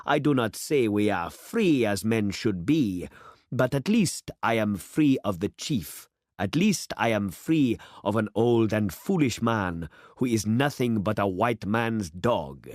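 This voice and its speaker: A man's voice: lowish voice, animated, slow pace, a little mellow, dry recording. A man voicing a worldly, boastful middle-aged city man who speechifies with rising fervor, in a dry, close storybook reading. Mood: fervent. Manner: expansive, speechifying, rising to oratory.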